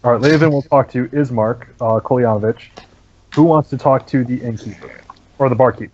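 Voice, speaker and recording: A man's voice: medium pitch, fairly quick, dull audio. Man running a tabletop game over voice chat. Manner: casual, relaxed narration with frequent fillers. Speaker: game master. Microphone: online voice chat mic.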